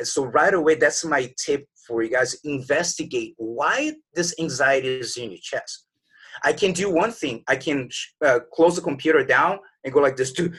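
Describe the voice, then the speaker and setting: Husky earnest man in his forties. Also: mid-range voice, animated, unhurried, fairly bright tone. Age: 40s. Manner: earnest, conversational, acts out his own inner voice. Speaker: podcast guest. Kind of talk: casual motivational storytelling.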